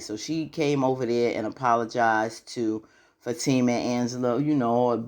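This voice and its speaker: A woman casually recapping a TV episode, telling it as an animated story full of slang and "you know.". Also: extremely low pitch, moderate pace. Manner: animated storytelling, slips into character voices. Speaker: TV recap vlogger.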